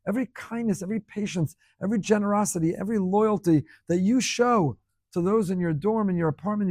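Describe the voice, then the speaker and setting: A man with a high-pitched voice delivers a sermon to students. He builds emphasis through rhetorical questions and repeated phrases. The sound is close and dry, with no room echo. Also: a little mellow. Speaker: rabbi teaching students. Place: speaking in Jerusalem.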